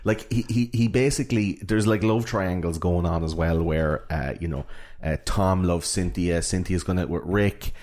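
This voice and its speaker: A man hosting a podcast and chatting casually about a film, talking haltingly with many restarts and fillers. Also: sits low. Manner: halting, many restarts and fillers, animated when retelling scenes. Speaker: podcast host.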